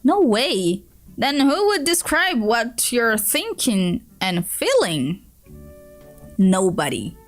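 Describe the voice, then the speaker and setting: A woman reads a comic aloud in a lively, high voice, unhurried and dry with a teasing edge. Faint music runs behind her. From Brazil. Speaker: streamer. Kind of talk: reading a web comic aloud.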